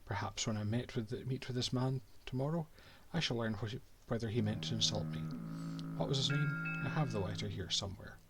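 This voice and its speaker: A man's voice: medium pitch, brisk, a bit bright, soft background music, natural voice. A Scottish man voicing a haughty male cartographer and reading his old-fashioned diary aloud from a game.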